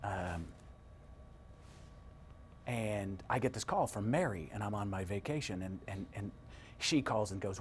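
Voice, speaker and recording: A middle-aged man giving an energetic motivational talk, telling a story and acting out the voices of the people in it, swinging from hushed to shouting. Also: on the low side, a little slow, pauses often, a little hiss or hum. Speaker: motivational speaker.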